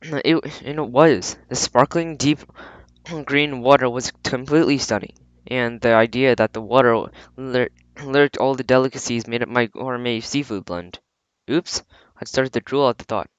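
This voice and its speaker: Man reading a story, halting and lo-fi. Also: mid-range voice, no room sound. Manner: halting reading with frequent throat clearing and restarts. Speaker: audiobook reader. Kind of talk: amateur audiobook narration.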